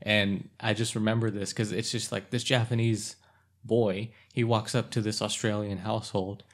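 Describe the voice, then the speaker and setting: A man's voice: lowish voice, flat delivery, moderate pace. A young man co-hosting a casual podcast chat, often chiming in with agreement. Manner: agreeable, frequent backchannel "yeah". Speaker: podcast co-host.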